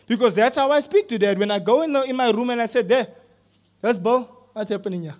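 A man preaching a sermon in a church, talking casually with slang and swinging from quiet scripture reading to loud urgent pleading. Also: extremely high pitch, a little fast.

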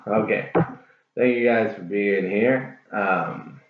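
A man's voice: fairly low pitch, takes it slowly, heavy background noise. A man giving a casual tarot reading to his viewers, earnest, encouraging and rambling. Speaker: tarot reader. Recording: echoey room, dull lo-fi sound.

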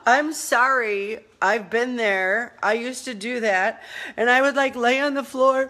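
Middle-aged woman, lively motivational vlogger, chats on the move with her phone, laughs a lot, acts out quotes big. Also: a little high, normal speed. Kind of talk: casual live-stream talk.

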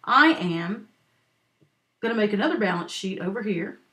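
A woman's voice: mid-range voice, animated, pushed and bright. A woman teaching an accounting lesson over a screen recording, walking students through a worked exercise patiently and checking in often. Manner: patient, talks slowly for note-takers; checks in with frequent "right?" and "okay?". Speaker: accounting instructor. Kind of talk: screen-recorded lecture walkthrough.

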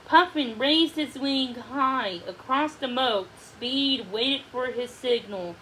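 A woman slowly reading a children's storybook aloud in a read-along, with a faint hiss behind her. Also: sits high, bright, forceful tone, low-quality recording. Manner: slow, careful reading with small restarts. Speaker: storybook reader.

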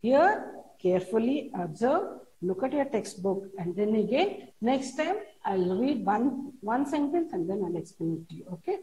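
A woman teaching a classroom lesson, reading a poem aloud and explaining each word slowly and repetitively to children. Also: medium pitch, sing-song, dark tone. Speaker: schoolteacher. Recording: roomy echo.

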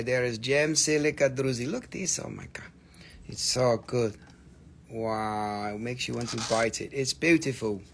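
A man's voice: medium pitch, a bit bright. A man hosting a live stream crystal sale, with playful salesman patter in a put-on joke voice and some cursing. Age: adult with a daughter.

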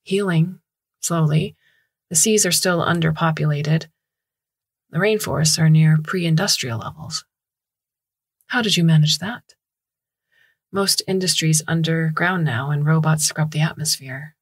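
A young woman astronaut, read by a woman in her twenties, eager and nervous, pushing her words out in breathless bursts. The voice sits low and a little husky, close and dry to the mic. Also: a little slow, pauses often, dry recording, heavily acted. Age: 20s.

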